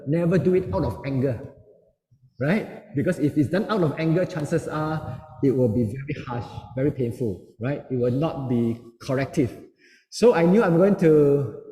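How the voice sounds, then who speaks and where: Brief: middle-aged male speaker, darkish mellow tone, a bit higher-pitched, lively storyteller who acts out quotes, heard in a reverberant hall. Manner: storytelling, acting out quoted voices. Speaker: seminar speaker. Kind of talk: parenting seminar talk. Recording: echoey hall with long reverb.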